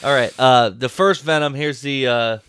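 A man's voice: mid-range voice, moderate pace, fairly bright tone, clear, resonant tone. A young man co-hosting a casual podcast chat, loose and easygoing, laughing often. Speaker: podcast co-host.

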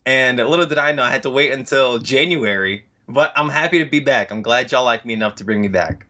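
A man's voice: mid-range voice, brisk, few pauses, sharp tone. A man appearing as a podcast guest, chatting with enthusiasm. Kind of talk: casual podcast chat.

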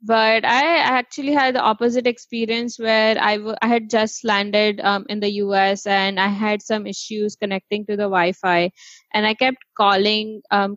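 A woman's voice: mid-range voice, fairly bright tone, no room sound, dull audio. Chatty woman laughing between fillers. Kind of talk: casual chat.

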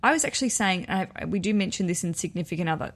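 A young woman hosts her podcast in a relaxed, chatty voice. She sounds eager and upbeat, and she breaks off now and then with playful asides to correct herself. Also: on the low side, rapid-fire. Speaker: podcast host. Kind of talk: casual podcast chat.

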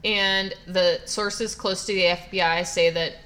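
Woman cohost, bright sharp voice, dry matter-of-fact delivery. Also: fairly low pitch, steady tone, unhurried. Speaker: podcast co-host. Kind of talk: casual chat.

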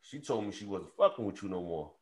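Animated man telling a story. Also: low voice, quick pace, background noise. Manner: animated storyteller, acts out phone calls, swears freely. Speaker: podcast co-host. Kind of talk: casual chat, storytelling.

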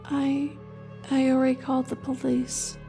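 A woman's voice: high-pitched, completely flat delivery, a little slow, creaky, dark tone, soft background music, pitched above the performer's own voice. A woman voicing a meek, frightened old woman who speaks hesitantly.

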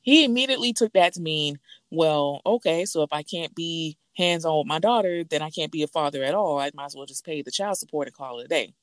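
Animated woman with a low voice. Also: fairly quick, no echo, studio quality. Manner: animated, acts out quotes with big pitch jumps. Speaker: podcast co-host. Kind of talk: casual chat about a reality show.

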